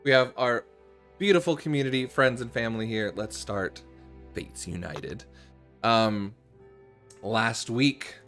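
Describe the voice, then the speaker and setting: Energetic young man running a tabletop game. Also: mid-range voice, a little slow, long pauses, soft background music. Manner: energetic, rambling with fillers. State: voice strained. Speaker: game master.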